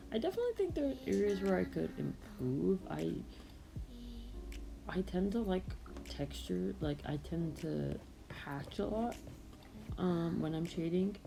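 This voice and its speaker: A woman's voice: on the low side, big pitch swings, a little slow, gravelly, rough recording. A woman narrating her own drawing process in a casual, meandering way, often hesitating and correcting herself. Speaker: artist narrating a drawing video. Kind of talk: casual rambling voice-over.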